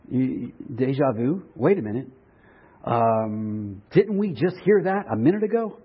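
A man preaching a sermon in a relaxed, conversational way, with restarts and light humor. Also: medium pitch, normal speed, husky, dull audio. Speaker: pastor.

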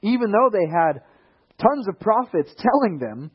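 A man with a slightly husky voice preaches a sermon. His delivery is animated, and he slips into quoted voices and rising emphasis. The recording sounds a little dull and lo-fi. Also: high voice, unhurried.

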